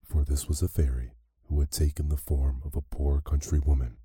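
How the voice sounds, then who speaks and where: A man narrating a classic fairy tale as a slow, soothing bedtime story. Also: a bass voice, little pitch movement, slightly rough, dry recording, clean studio sound. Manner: slow, soft, soothing reading.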